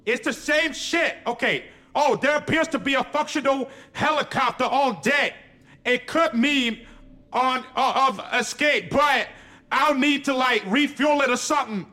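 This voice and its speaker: High, bright-voiced young man gaming. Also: measured pace. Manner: loud, profane, panicky reactions. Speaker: gamer streamer. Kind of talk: live horror game commentary.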